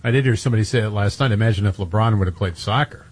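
A man co-hosting a casual talk show, chiming in with an animated, playful manner. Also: on the low side, racing, husky.

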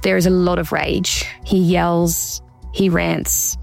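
Earnest woman with a gravelly voice. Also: lowish voice, little pitch movement, darkish tone, soft background music. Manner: earnest, measured, acts out quoted voices. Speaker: interview guest, survivor telling her story. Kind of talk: candid interview answers.

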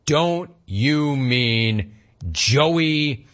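A man hosting a sports talk radio show, teasing listeners with amused, rapid-fire rhetorical questions. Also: on the high side, animated, a bit bright, highs cut off.

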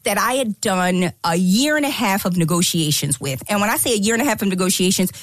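A woman guest on a podcast telling a story, animated and emphatic, acting out the lines she quotes. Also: mid-range voice, fast, no echo. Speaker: guest entrepreneur.

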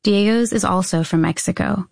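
A woman reporter giving a scripted, measured news narration. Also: mid-range voice, gravelly, no echo. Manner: measured, even storytelling delivery.

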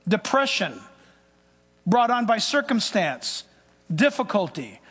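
Emphatic high-voiced preacher in reverberant hall. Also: male voice, big pitch swings, a little slow. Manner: emphatic preaching, swinging between loud and hushed. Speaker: pastor. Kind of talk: sermon.

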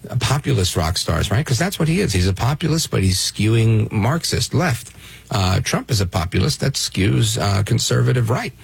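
Gravelly, husky talk-radio host. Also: male voice, medium pitch, very animated, moderate pace. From Brooklyn, New York. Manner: emphatic, restarts and rhetorical "right?".

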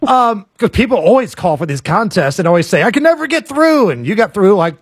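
A man's voice: sits high, big pitch swings, breathy edge, dry recording, clean studio sound. A man hosting a radio show, joking with his co-host and running a call-in contest in an upbeat, chatty way. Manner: upbeat, joking, quick asides. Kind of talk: lively morning radio banter.

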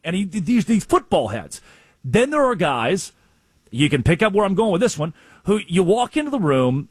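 A man co-hosting a sports talk show, telling stories with animated acted-out quotes in a husky voice. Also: a little high, no echo. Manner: storytelling with acted-out quotes, excitable.

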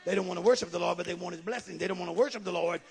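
A man preaching a fervent sermon, swinging from hushed asides to emphatic shouts and calling out to the congregation. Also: high-pitched, racing, gravelly, soft background music. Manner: calls out to the congregation. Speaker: pastor.

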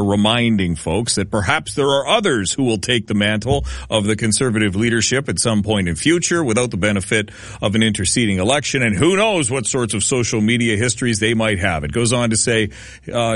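A man's voice: fairly low pitch, expressive, normal speed, fairly bright tone, no room sound. A man hosting a talk radio show, delivering dry, sardonic commentary into a studio microphone.

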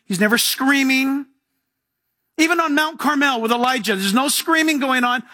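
A man preaching a sermon as pastor, emphatic and shifting between loud and quiet. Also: very high voice, normal speed, dry recording. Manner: emphatic, swings from loud to soft.

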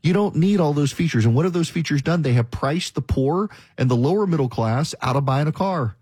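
A man's voice: on the high side, animated, fairly quick, darkish tone, slightly rough, no echo. A man hosting a talk radio show, delivering an emphatic, opinionated monologue and mocking his critics. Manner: emphatic, ranting, mocks critics in quoted voices.

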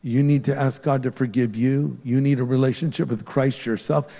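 An older man preaching a sermon and leading an altar-call prayer, earnest and pleading, rising on key phrases and dropping soft to pray. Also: medium pitch, steady tone, normal speed, gravelly. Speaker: pastor. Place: large church hall with a live congregation. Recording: long hall reverb.

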